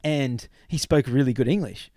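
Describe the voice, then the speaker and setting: A middle-aged Australian man hosting a casual podcast chat, telling a travel story with lively acted-out quotes. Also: mid-range voice, moderate pace, dry recording, clean studio sound. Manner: animated storyteller, acts out quotes.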